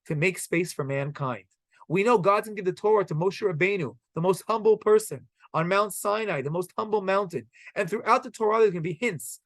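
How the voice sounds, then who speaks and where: A man teaching a Torah class to a room of students, animated and firing rhetorical questions at them. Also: high voice, no echo. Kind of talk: classroom lesson.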